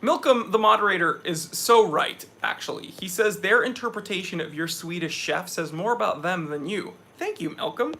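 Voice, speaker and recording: A man's voice: sits high, moderate pace, few pauses, bright, forceful tone, a little hiss or hum. A young man hosting a casual live stream, sweaty after a hike, talking with energy as he reads out viewers' chat messages.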